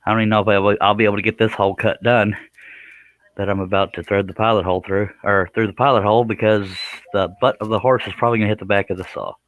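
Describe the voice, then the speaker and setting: A man's voice: lowish voice, fairly even intonation, fast, no room sound, narrow, tinny audio. A man hosting a casual woodworking live stream, joking and bantering in a folksy way.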